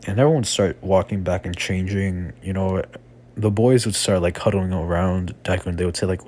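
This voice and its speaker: A man's voice: sits low, fairly even intonation, a little fast, a little mellow, slight background noise. A young man improvising a fan-fiction story in a rambling, casual way, full of fillers.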